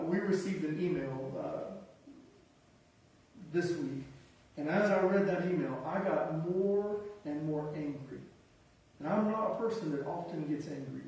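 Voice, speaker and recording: A pastor with a warm voice on the high side preaches in an emphatic, conversational style. He drops self-deprecating remarks and rapid one-word lists, recorded from afar in a hall full of echo.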